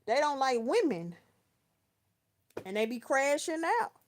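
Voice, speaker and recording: A woman's voice: sits high, very animated, unhurried. Woman, around thirty, from Texas, casual livestream chat, talks to viewers by name, slangy storytelling. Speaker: live chat host.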